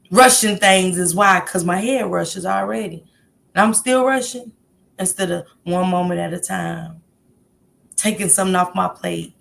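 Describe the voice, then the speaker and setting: A woman's voice: fairly low pitch, creaky, a bit bright. A woman hosting a casual livestream, talking heartfelt and encouraging as she greets viewers in the chat by name. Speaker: livestream host.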